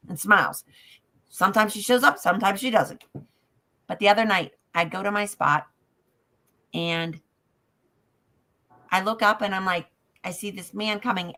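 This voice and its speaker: A woman telling a personal dream story in a casual chat, halting and emotional, dropping softer at times. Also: mid-range voice.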